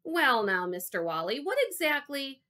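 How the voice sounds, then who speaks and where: A woman's voice: high voice, big pitch swings, normal speed, bright, forceful tone, pitched above the performer's own voice, full character voice. Woman doing a sugary, puzzled casting lady. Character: fake-smiling female casting director.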